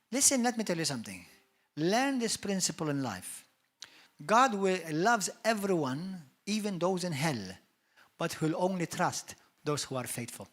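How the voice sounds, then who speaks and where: A man with a Maltese accent preaching a sermon as pastor, emphatic and animated, acting out churchgoers. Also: a little high. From Malta. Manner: emphatic preacher, acts out churchgoers in quick voices.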